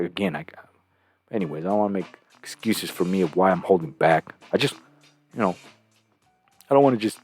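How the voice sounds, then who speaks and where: Low-voiced man in rambling casual commentary. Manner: rambling, profane, chuckling often. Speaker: host reacting to a clip.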